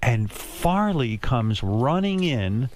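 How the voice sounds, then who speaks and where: A man's voice: mid-range voice, big pitch swings, takes it slowly, slight background noise. A male interviewer leads his guest into a story by laying out the details himself. His voice rises and falls a lot as he talks. He reacts openly to the answers. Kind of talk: casual interview.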